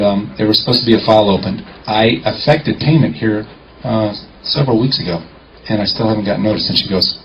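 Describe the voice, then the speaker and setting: A man telling a lively courtroom-clerk story in a confident storytelling talk, acting out the dialogue. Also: mid-range voice. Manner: animated, acts out dialogue, confident. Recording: muffled lo-fi recording.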